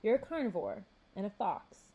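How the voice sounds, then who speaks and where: A woman's voice: mid-range voice, huge pitch swings, moderate pace, slightly rough, highs cut off. A woman reading aloud as a confident, charming teenage elk boy who talks in a self-assured way. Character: smooth, confident teen elk boy, school president.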